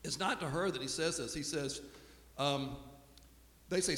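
A man preaching a sermon in a relaxed, storytelling way, often restarting his sentences, recorded in a church sanctuary. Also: on the high side, normal speed, long pauses. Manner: conversational storytelling, with frequent restarts. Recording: echoey hall with long reverb.

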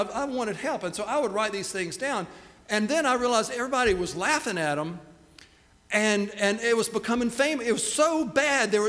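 A man's voice: high-pitched, a bit bright. A middle-aged man telling a self-deprecating story in a sermon. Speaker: pastor. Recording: long hall reverb.

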